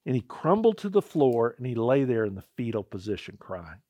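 A man's voice: mid-range voice, very animated, fairly quick, dry recording. Male pastor, mid-range voice, dramatic sermon storyteller, dry close sound. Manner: swings from hushed to loud, dramatic storytelling.

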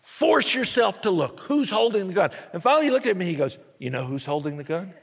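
A pastor in his forties giving a sermon, telling a story with animated delivery and acted-out dialogue in a slightly husky voice. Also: sits high, brisk. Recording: echoey church hall.

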